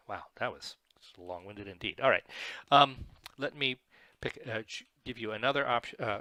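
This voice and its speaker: A man with a somewhat low, gravelly voice hosts a relaxed screen-share tutorial on software. He talks in a chatty, digressive way with fillers and self-corrections, his tone bright and edged. The sound is dry and close, with no room echo.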